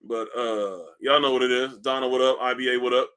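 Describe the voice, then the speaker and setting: A man hosting a casual livestream, reading comments aloud in a loose, profane, animated way while in back pain. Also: medium pitch, brisk, clear, resonant tone. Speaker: livestream host. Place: indoors at home, seated.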